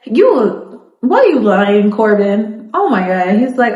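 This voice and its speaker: A woman's voice: on the high side, slow, muffled recording. Sassy young woman vlogger, echoey room. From South Florida. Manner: animated, sassy, talks back to the screen. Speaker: reality TV recap vlogger. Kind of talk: casual recap monologue.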